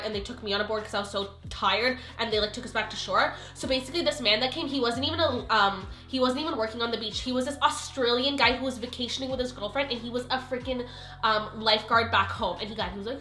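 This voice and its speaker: Young woman, high and bright voice, animated storytime vlog, roomy echo. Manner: animated, exclamatory, filler-heavy retelling. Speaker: vlogger telling a story.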